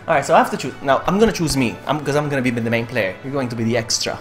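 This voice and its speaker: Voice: medium pitch, racing, few pauses, echoey room, soft background music. A game streamer chatting casually on a live stream, giggly and greeting viewers by name.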